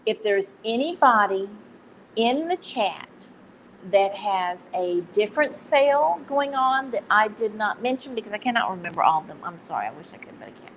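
A woman's voice: medium pitch, expressive, normal speed, fairly bright tone, a little hiss or hum, poor audio. A woman with a Texan accent hosting a casual live stream, chatty and self-deprecating, laughing at her own slips. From Texas.

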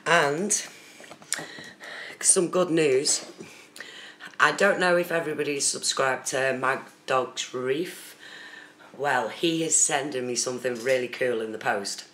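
With a sharp tone and a measured pace, this medium-pitched host chats easily on a phone live stream, naming viewers from the chat. The phone camera's mic captures a roomy sound with faint noise in the background.

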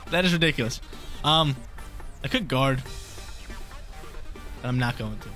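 An excitable man talks through his own video game battle with a mid-range voice that leaps up into sharp yelps and laughs. His commentary is casual and slangy. Faint game music plays underneath. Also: mid-range voice. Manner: excitable, slangy, jumps to loud yelps at bad luck. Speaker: gaming YouTuber.

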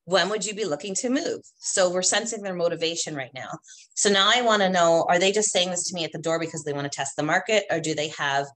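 A woman with a slightly low voice coaches real estate agents. She talks in a chatty, emphatic way and keeps checking in with "right?" after her points. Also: fast talker, a bit bright. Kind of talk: instructional talk to agents.

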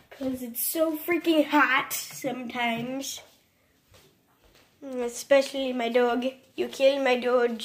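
A woman vlogging casually from her bedroom floor, rambling and self-mocking, dropping to mumbles and then jumping to loud bursts. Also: sits high, fairly even intonation, a little slow.

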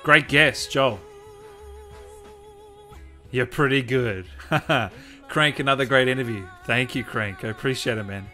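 A man's voice: medium pitch, a little slow, pauses often, bright, forceful tone, faint music behind. A man hosting a livestream, upbeat and chatty, thanking viewers by name. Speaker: host. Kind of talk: livestream chat.

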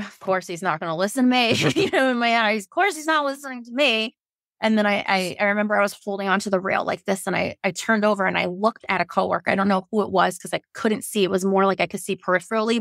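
A woman's voice: fairly bright tone, no echo, studio quality. Woman telling an emotional birth story. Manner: emotional, acts out her own quoted lines with rising pitch. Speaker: podcast guest telling her birth story. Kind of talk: candid personal storytelling.

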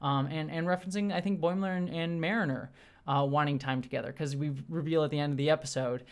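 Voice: mid-range voice, steady tone, quick pace. A young adult host giving a casual solo episode review, gushing and restarting sentences often, with many fillers. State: briefly teary.

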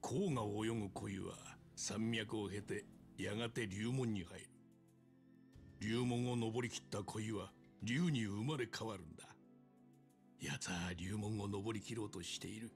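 An actor as a grave gravelly old yakuza mentor. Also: male voice, fairly low pitch, steady tone, faint music behind, natural voice. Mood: solemn. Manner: slow, measured, solemn. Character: older male yakuza mentor, grave and reflective. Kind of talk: video game cutscene.

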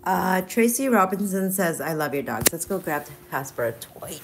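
A woman's voice: on the low side, very animated, normal speed, background noise. A woman hosting a casual morning livestream from home with her dogs, talking in a hyper, playful put-on accent. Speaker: livestream host.

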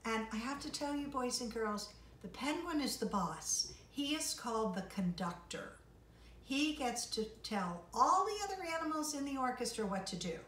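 A woman's voice: fairly high pitch, sing-song, moderate pace, a bit bright. A woman music teacher giving an online lesson to young children, encouraging and sing-song as she reads a story. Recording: roomy, distant mic, faint noise.

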